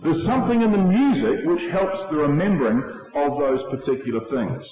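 A man delivers a measured, explanatory sermon to a congregation. His voice rings through a large reverberant hall, and the recording sounds dull and lo-fi. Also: a little high, expressive. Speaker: preacher.

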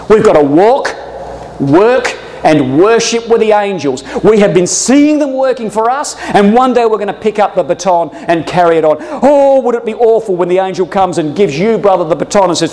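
A man preaching a Bible-school sermon, emphatic, moving between hushed asides and stirred outbursts. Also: high voice, animated, fairly quick, big-room sound, low-quality recording.

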